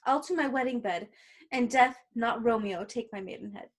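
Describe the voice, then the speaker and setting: A woman reading the part of a grieving young bride from a play aloud, slowly and earnestly. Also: fairly high pitch, lightly acted. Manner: slow, deliberate, earnest line reading. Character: young female lover, grieving and distraught.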